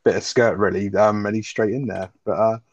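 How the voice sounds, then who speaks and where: A man's voice: fairly low pitch, steady tone, fairly quick, dry recording, muffled recording. A man, co-hosting a casual podcast chat, enthusiastic and swearing, with plenty of fillers. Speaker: podcast co-host.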